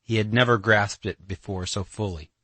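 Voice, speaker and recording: An earnest young man, played by a male reader in a classic audiobook, pressing his plea with merciless emphasis. The voice sits on the low side. It is recorded close and dry, with no room sound. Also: fairly even intonation, moderate pace, a bit bright, no echo. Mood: insistent. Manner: emphatic, pleading.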